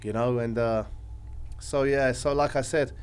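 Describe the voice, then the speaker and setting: A man chatting casually as a podcast guest, telling stories in a rambling, animated way, his voice swinging from loud to quiet. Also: medium pitch, unhurried, clean tone. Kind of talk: casual chat.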